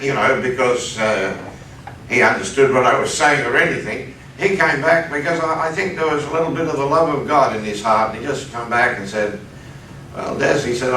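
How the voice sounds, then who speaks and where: A man with an Australian accent preaching, telling a personal story in an animated way and leaping up in pitch for the lines he quotes. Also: moderate pace, slight background noise. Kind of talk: sermon storytelling. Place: conference hall. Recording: echoey hall, distant mic.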